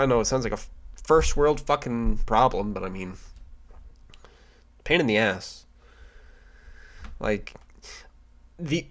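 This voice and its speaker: A man's voice: mid-range voice, a bit bright. A young man ranting casually on a vlog, rambling and stammering with many restarts and fillers, swearing now and then. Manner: mock voices for quoted people. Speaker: vlogger. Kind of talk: casual rant to camera.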